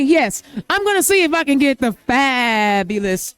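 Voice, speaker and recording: A woman's voice: high-pitched, very animated, measured pace, smooth, no echo. A middle-aged woman from Indiana, hosting a podcast interview on location at a campaign event, talking in an emotional, effusive way. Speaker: podcast host. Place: event venue.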